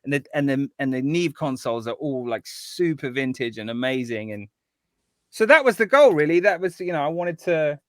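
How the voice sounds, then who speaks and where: A man's voice: a little high, lively intonation, normal speed, no room sound. A man, a guest composer talking in a casual interview, eager and rambling with many restarts.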